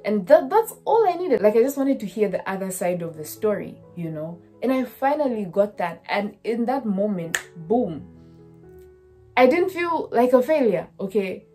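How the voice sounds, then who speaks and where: A woman's voice: on the low side, dark tone. A woman in her twenties telling a personal story in a vlog, earnest and often checking in with the listener. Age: 20s. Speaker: student vlogger.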